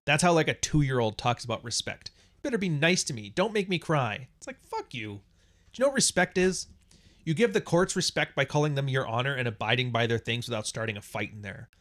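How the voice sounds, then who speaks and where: A man's voice: mid-range voice, a bit bright. A man hosting a podcast, talking casually and bluntly with plenty of swearing, acting out quoted voices and laughing at his own jokes. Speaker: podcast host. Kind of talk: casual monologue.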